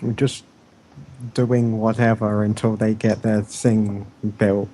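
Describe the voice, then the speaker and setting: A man's voice: on the low side, flat delivery, takes it slowly, mellow. A man playing a tabletop role-play game, teasing and laughing often. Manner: giggly, teasing. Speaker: player.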